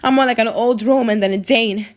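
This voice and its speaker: A woman's voice: on the high side, brisk, close to an everyday voice. A woman reading the lines of a loyal young man in an audiobook drama, earnest and resolute.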